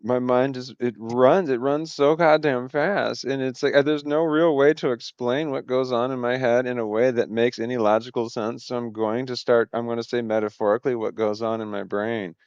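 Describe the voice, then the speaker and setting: A man talks loosely on a home livestream, drifting between thoughts, cutting himself off and laughing. His voice is smooth and mid-pitched. The sound is dry and a bit muffled, like a basic home mic. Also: fairly even intonation, normal speed, hardly any pauses, darkish tone, no room sound. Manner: scattered and self-interrupting, swearing, laughing often. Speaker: livestream host. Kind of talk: rambling casual livestream chat. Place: home, indoors.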